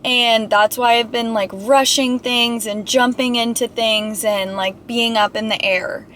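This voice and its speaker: A young woman talking casually and gently about self-help and spirituality, reflective and full of "like" fillers. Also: fairly high pitch, fairly even intonation, a little slow, slight background noise. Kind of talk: casual motivational talk.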